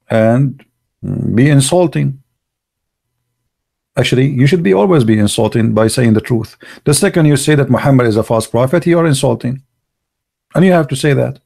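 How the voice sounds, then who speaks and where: A man's voice: mid-range voice, vocal fry, mellow, breathy edge. A man from the Arab world, hosting an online show in a blunt, emphatic monologue full of rhetorical questions and grammar. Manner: broken, non-native grammar. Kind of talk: opinionated livestream monologue.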